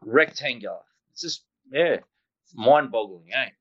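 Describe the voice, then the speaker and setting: A man casually recounting a flight, talking in an animated, rambling way with sound effects and restarts. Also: medium pitch, measured pace. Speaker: guest pilot recounting a sighting. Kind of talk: casual storytelling. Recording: dull lo-fi sound.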